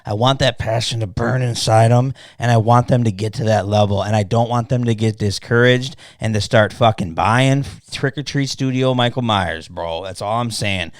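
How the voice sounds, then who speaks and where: A man hosting a casual podcast chat, telling stories loudly, cursing often, and mimicking people he quotes. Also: mid-range voice, moderate pace, hardly any pauses, dry recording, clean studio sound. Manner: profane, animated storytelling with mocking quoted voices. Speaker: podcast host.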